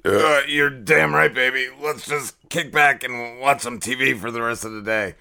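A man voicing a crude, boastful grown man in a comedy skit, delivered loud and brash. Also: mid-range voice, normal speed, creaky, clean tone, a faint crowd.

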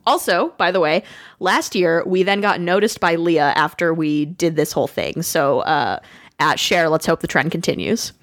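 A woman's voice: on the low side, expressive, normal speed. A woman co-hosting a comedic awards bit, playfully reading tweets aloud with their punctuation. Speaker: co-host.

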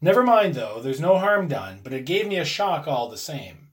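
Man reading as an old father, nervous and slow, lively pitch. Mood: shaken. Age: older. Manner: hesitant, slow. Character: elderly father, mild and nervous.

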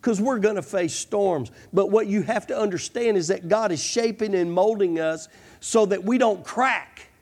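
A man's voice: high-pitched, moderate pace, darkish tone. A man preaching a fervent sermon, repeating "come on" and "I'm telling you" as he presses his points. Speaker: pastor.

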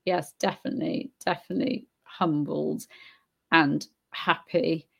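A woman's voice: sits low, fairly even intonation, unhurried, vocal fry, slightly rough, highs cut off. A woman hosting a live stream, reading out viewer comments and answering them in a thoughtful, hesitant way, with many fillers and restarts. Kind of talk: casual live Q&A talk. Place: home in Spain.

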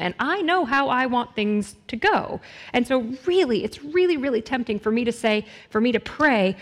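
A woman preaching a sermon in an earnest way, building intensity through repeated phrases. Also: fairly high pitch. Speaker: pastor. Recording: long hall reverb.

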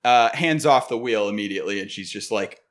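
A man's voice: fairly low pitch, fairly quick, very noisy. A man telling a story in a casual podcast chat, profane and laughing as he goes. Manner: animated, profane, laughs through his story.

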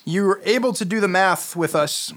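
Casting: male game master, slightly high voice, dry close mic, rambling casual chat. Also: dry recording. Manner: rambling, hesitant, fast when excited. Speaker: dungeon master.

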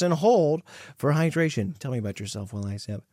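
A man's voice: medium pitch, animated, brisk, a little mellow, no echo, studio quality. A young man hosting a podcast, chatting casually in a goofy, joking, rambling way. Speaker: podcast host.

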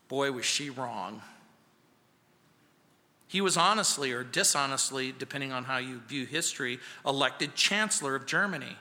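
A man preaching a sermon as pastor, slow and emphatic, with dramatic pauses. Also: a little high, bright, forceful tone, in a large hall. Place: church sanctuary.

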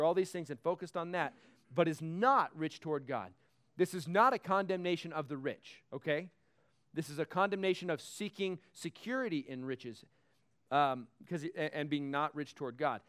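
A man preaching a conversational sermon, joking and reading scripture aloud. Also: fairly high pitch. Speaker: pastor.

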